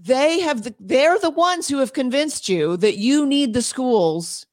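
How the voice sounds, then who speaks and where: A woman speaking as an interview guest and homeschool advocate, emphatic and quick, with frequent laughs and restarts. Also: high voice, animated, darkish tone. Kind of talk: passionate interview talk.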